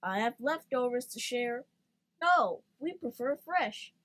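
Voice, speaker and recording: A woman's voice: fairly high pitch, expressive, slow pace, fairly bright tone. A woman voicing two silly, mischievous talking crutches in a storybook. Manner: silly, playful.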